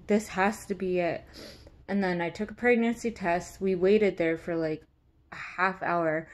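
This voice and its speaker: A young woman talking candidly and rambling with lots of fillers in a casual vlog. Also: on the low side. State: pregnant. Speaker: vlogger.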